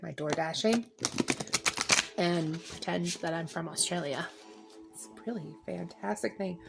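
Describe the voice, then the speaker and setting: A woman's voice: on the low side, vocal fry. A woman in her thirties doing a casual tarot reading, chatty and rambling, often laughing. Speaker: tarot reader.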